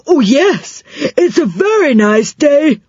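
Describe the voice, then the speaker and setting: A woman reading a children's audiobook, voicing a cheerful, deaf little man covered in saucepans who talks loudly and mishears what people say. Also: high-pitched, big pitch swings, takes it slowly, dry recording, pitched above the performer's own voice, full character voice. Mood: cheerfully confused. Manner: loud, mishears words and answers them. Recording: slightly muffled, dry sound.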